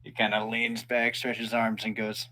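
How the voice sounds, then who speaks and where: A man narrating as game master in a relaxed, chatty way, voicing the people the players meet. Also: fairly low pitch, measured pace.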